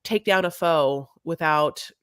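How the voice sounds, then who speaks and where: A woman co-hosting a casual chat, rambling with halting phrases and many fillers. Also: low voice, a bit bright, clean tone, no room sound, studio quality. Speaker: podcast co-host.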